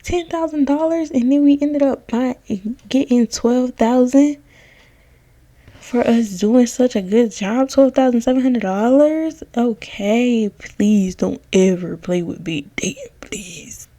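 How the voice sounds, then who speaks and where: A woman's voice: on the high side, unhurried, warm tone, no echo. A young woman giving casual gameplay voiceover commentary, sassy, slangy and dramatic, talking straight to her viewers. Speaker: gaming content creator. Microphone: close voiceover mic.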